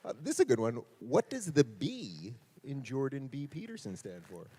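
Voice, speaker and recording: A man's voice: medium pitch, huge pitch swings, moderate pace, warm tone, slightly rough. A man moderating a live question session, reading audience questions in a playful way. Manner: playful, laughs at answers.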